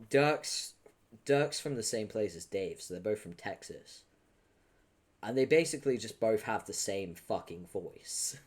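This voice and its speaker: A man's voice: fairly low pitch, a little mellow. Man laughing through read-aloud asides. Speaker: reader. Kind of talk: casual commentary on a read-aloud.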